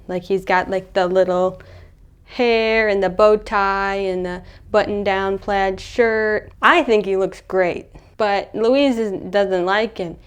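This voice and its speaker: A woman's voice: medium pitch, clean tone. Chatty young woman recapping a movie. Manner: chatty, animated, acts out characters' lines. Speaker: movie reviewer.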